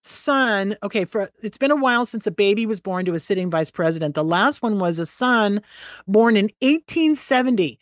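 A woman's voice: medium pitch, lively intonation, normal speed, no echo. A woman co-hosting a political talk radio show, chatting in a casual, opinionated way with a studio microphone. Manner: chatty and opinionated, with frequent restarts and laughs.

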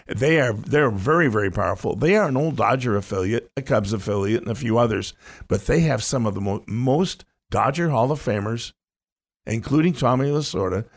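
A man's voice: mid-range voice, creaky, husky. Rambling older-sounding man reminiscing. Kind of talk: casual sports chat.

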